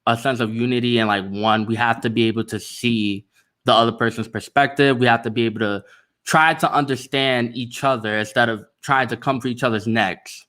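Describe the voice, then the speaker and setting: A man's voice: mid-range voice, steady tone, fairly quick, a bit bright. A man speaking as a panelist in casual talk, earnest and full of "like" fillers.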